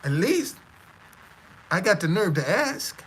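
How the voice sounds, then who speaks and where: A man's voice: high voice, sing-song, slow, fairly bright tone, slightly rough, rough recording. A man hosting a live stream, talking to his audience in a stammering, repetitive, defiant way. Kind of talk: casual live-stream monologue.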